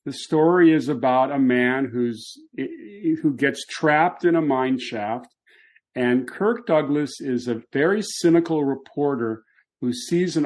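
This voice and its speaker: Guy cohosting an old hollywood podcast, explains stuff thoughtfully, middle pitch. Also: darkish tone. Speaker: podcast co-host. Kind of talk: casual film discussion.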